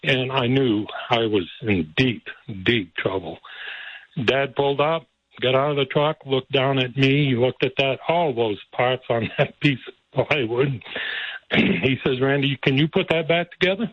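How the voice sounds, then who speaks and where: A man's voice: medium pitch, a little slow, husky, no room sound, muffled recording. An older man telling a personal story as a guest, often chuckling as he talks.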